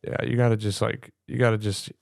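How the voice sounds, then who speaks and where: Joking Midwestern podcast co-host. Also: male voice, lowish voice, little pitch movement, gravelly. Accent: Midwestern American. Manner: playful, joking, quick to laugh. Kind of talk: casual chat.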